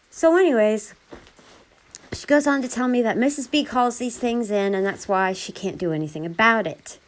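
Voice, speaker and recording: Woman, casual storyteller, chatty, animated, quoting others, mid-pitched voice. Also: moderate pace. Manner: chatty, animated, full of quoted dialogue. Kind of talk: casual spoken retelling.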